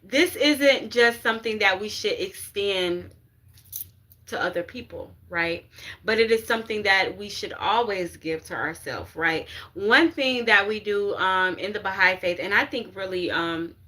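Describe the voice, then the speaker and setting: A woman's voice: medium pitch, unhurried, pushed and bright. A woman spiritual reader talking casually and animatedly to viewers, swearing freely, laughing often and dropping in "you get what I'm saying" asides. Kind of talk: casual livestream talk.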